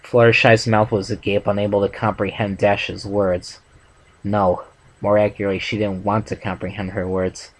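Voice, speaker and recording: A man's voice: fairly low pitch, level tone, moderate pace, rough recording. A man reading a fanfic aloud for his channel in a plain way, with a few stumbles and restarts. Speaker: channel host and fanfic reader.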